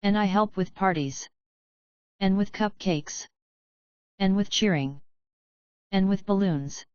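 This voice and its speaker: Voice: medium pitch, slow pace, clean tone, no room sound, lo-fi sound, close to an everyday voice. A woman voicing a hyper, party-loving female pony who rattles off lists.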